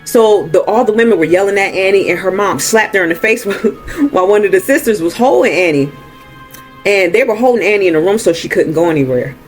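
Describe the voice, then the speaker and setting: A man's voice: high voice, lively intonation, brisk, soft background music. A man hosting a movie recap, retelling the story in a casual, chatty way with laughs.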